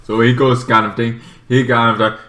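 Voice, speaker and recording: A man giving a casual movie review, rambling through the plot with loose filler phrases and sudden excited bursts. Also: medium pitch, moderate pace. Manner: loose phrasing with filler such as "kind of thing".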